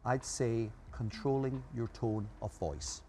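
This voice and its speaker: A man's voice: medium pitch, takes it slowly, dark tone, slight background noise. A man being interviewed as an expert, explaining ideas emphatically and listing his points one by one. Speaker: guest expert. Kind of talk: interview answers.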